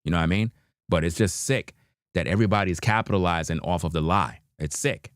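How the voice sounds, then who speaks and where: Deep-voiced New man chatting. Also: a little fast, dry recording, clean studio sound. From New York. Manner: laid-back slang, frequent "you know what I mean", chuckling. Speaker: livestream host reacting to videos. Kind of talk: casual livestream chat.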